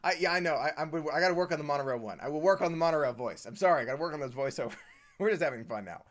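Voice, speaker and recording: A man's voice: a little high, animated, very fast. Chatty man hosting a live Q&A. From Washington, D.C. area. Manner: chatty, reads viewer comments aloud and answers. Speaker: host. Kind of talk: live stream Q&A.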